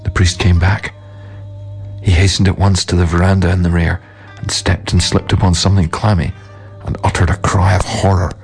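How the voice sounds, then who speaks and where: A man narrating a storybook tale in a measured, solemn way, with a husky voice. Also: low-pitched.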